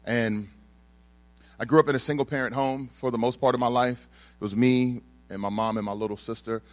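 A man's voice: mid-range voice, fairly even intonation, a little fast, no room sound. A young man from Texas giving a sermon, telling his own story in a casual, joking way with plenty of ums. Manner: conversational, humorous storytelling with frequent fillers. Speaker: speaker giving a testimony sermon.

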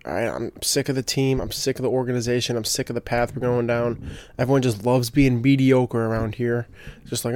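Young man, casual solo podcaster, rambling, fired-up delivery, dry close mic, mid pitch. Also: brisk, a little mellow, dry recording. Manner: rambling, gets fired up, lots of restarts and fillers. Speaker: podcast host.

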